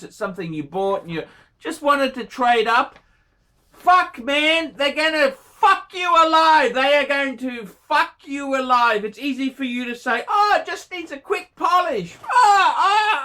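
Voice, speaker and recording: A man's voice: high voice, bright, forceful tone. Profane, blunt Australian man ranting. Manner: blunt, heavily profane, scolding. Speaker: watch reviewer answering a viewer. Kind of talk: unscripted paid review rant.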